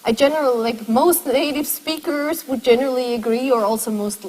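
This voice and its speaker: A woman's voice: sits high, fairly even intonation, fairly quick, darkish tone, big-room sound, rough recording. A woman lecturing a university class, explaining step by step and putting questions to her students.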